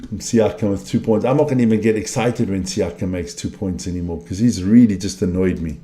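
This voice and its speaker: A middle-aged man with a low, dark voice talks fairly quickly as he reacts live to a basketball game. He's a fan commentator doing watch-along commentary, frustrated and blunt, swearing whenever a play goes badly.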